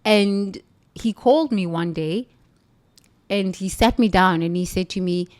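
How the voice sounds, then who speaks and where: A woman from the United States recounts her time as a nun in a lively, emphatic monologue. She speaks in a middle-pitched voice and often laughs between her lines. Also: measured pace. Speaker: former nun, storyteller. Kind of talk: spiritual storytelling monologue.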